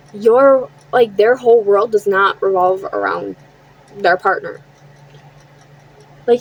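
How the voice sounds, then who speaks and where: A young storytime vlogger with a fairly high voice tells a personal story bluntly, swearing freely and tossing in quick asides that act out what others said. The recording has its highs cut off and slight background noise.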